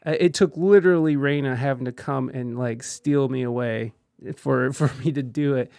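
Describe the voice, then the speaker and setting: A man's voice: medium pitch, normal speed, creaky, darkish tone, clean tone, dry recording. A man hosting a podcast, casually telling a candid personal story with frequent swearing and laughter. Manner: candid, profane, laughs often through the story. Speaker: podcast host.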